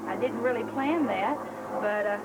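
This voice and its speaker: A woman's voice: a little high, normal speed, heavy background noise. A woman with a Southern accent teaching gospel clowning and balloon twisting in a folksy, chatty way with many fillers. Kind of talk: casual instructional talk.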